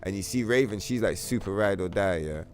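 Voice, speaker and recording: A man's voice: on the low side, a little fast, a little mellow, soft background music. A man streaming a game, rambling in a casual, profane, slang-heavy way. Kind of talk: casual livestream chat.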